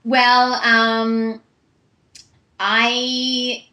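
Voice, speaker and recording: A woman's voice: on the high side, completely flat delivery, drawn-out words, pushed and bright. Chatty woman in an echoey room. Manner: chatty and long-winded. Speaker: voice actress guest. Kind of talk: casual interview.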